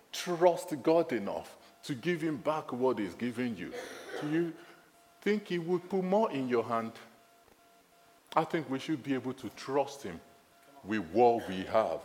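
A man with a Nigerian accent preaching a sermon in a church, lively and animated, often repeating his phrases. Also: big-room sound. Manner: lively, animated, repeats phrases, rises high when excited.

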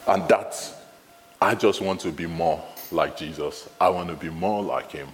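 A man with a Nigerian accent delivers a sermon, his fairly low voice jumping high when he gets animated and doubling back on his words. His voice rings through a big hall with long reverb, and soft music plays faintly behind him. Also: a little slow. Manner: lively, animated, repeats phrases, rises high when excited. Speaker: preacher.

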